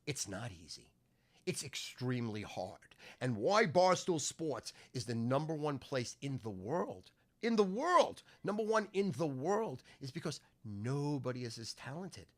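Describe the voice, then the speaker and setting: A middle-aged man hosting his own podcast, ranting crudely and profanely, swinging from low grumbling to shouting, his voice going hoarse. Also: sing-song, measured pace. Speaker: sports handicapper and podcast host.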